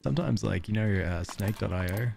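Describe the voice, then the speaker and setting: A man's voice: lowish voice, a little fast, vocal fry, a little mellow, faint music behind. A man with an Australian accent streaming a game, chatting casually with viewers in a joking, self-deprecating way and laughing often.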